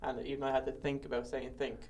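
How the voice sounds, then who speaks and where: A man's voice: mid-range voice, level tone, quick pace, darkish tone. A man from Ireland with an Irish accent, chatting easygoingly as a guest on a podcast in a small office studio. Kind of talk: casual podcast chat.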